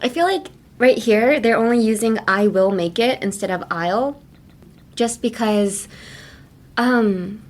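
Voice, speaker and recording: A young adult woman hosting a casual English lesson podcast, chatty and laughing often as she slowly models phrases. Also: fairly high pitch. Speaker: English teacher host.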